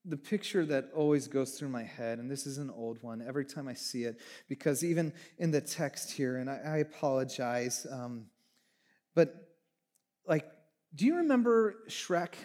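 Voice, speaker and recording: A man preaching a sermon as pastor, animated, swinging from hushed lines to near shouting. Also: medium pitch, moderate pace.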